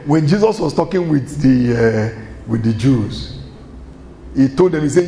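A man's voice: on the high side, animated, normal speed, creaky, warm tone, roomy sound, slight background noise. A man preaching a sermon, firing rhetorical questions and chuckling as he goes.

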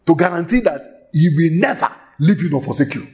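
A man preaching a sermon in a church, emphatic and shouting at times, repeating phrases rhythmically and laughing between lines. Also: a little high, animated, a little fast. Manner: shouting, emphatic, with sudden exclamations.

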